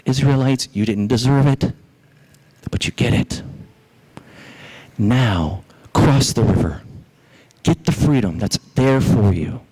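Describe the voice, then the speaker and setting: A man pastor preaching a sermon in a church, asking rhetorical questions, with his voice leaping up in pitch as he drives his points home. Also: animated, takes it slowly, dark tone, slight background noise, low-quality recording.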